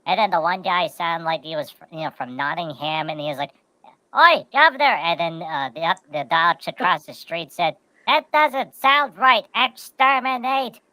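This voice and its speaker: A man's voice: on the high side, steady tone, brisk, few pauses, bright, forceful tone, no room sound, rough recording. A man co-hosting a casual podcast, telling rambling stories and repeating words as he goes. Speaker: podcast co-host. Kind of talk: casual chat.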